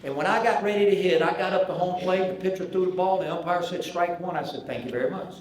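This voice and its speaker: A man in his sixties from the American South, a former pitcher, tells a humorous after-dinner story at a large banquet hall, acting out the dialogue. His voice is high and steady, he talks fast, and a crowd can be heard in the background of the very echoey recording.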